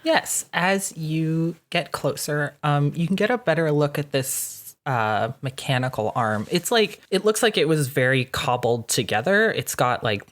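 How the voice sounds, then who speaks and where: Slow, low-voiced woman game master. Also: animated. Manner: slow, descriptive narration with casual fillers. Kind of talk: narrating a tabletop game.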